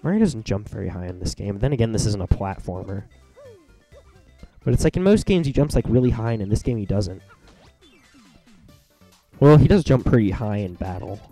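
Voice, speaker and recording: Rambling young man with a mellow voice. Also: fairly low pitch, expressive, moderate pace, pauses often. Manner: rambling, reads game text aloud, frequent fillers. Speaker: let's play host. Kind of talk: casual gameplay commentary. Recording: faint game music behind.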